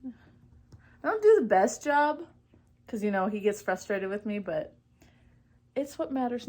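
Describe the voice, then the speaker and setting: Young woman rambling thru her knitting vlog, slow and easygoing, lots of ums. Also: mid-range voice, animated, darkish tone. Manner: rambling, easily distracted, many fillers. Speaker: knitting vlogger. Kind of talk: casual chat.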